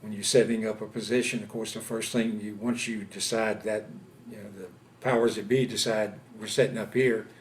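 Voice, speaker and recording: Older guy from louisiana, lowish voice, halting, lots of uhs, faint room hum. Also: little pitch movement. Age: 70s. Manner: halting, many pauses and fillers. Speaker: veteran interviewee. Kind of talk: oral history interview. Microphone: interview camera setup.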